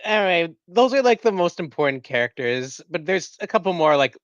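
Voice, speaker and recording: A woman's voice: lowish voice, expressive, normal speed, no room sound, highs cut off. Podcast co-host, woman, sardonic and laughing, dry close sound. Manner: sardonic, laughs often, swears casually. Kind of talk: casual review chat.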